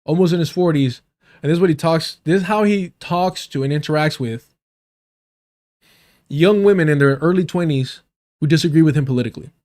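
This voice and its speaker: A man's voice: on the high side, fairly quick, long pauses, darkish tone. A man from the United States ranting as a livestream commentator, blunt and profane, repeating lines for emphasis. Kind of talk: heated commentary rant.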